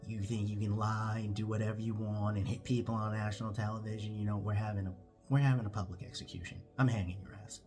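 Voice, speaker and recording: A man voicing a brash, bossy male attorney general who blusters and turns falsely polite in a high voice. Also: level tone, fast, music in the background, close to an everyday voice. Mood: blustering.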